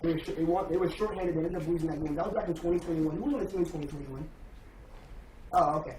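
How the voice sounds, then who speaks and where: A man's voice: on the high side, racing, darkish tone. A man in a casual sports debate, arguing heatedly and backing his case with stats. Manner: argues hard with stats. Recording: distant echoey mic with noise.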